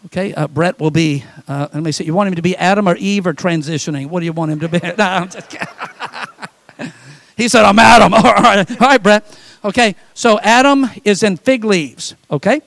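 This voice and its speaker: Male pastor, middle-aged, high voice, dry close mic; lively sermon delivery with acted quotes. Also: normal speed, no room sound. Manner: animated preaching with quoted voices and humor.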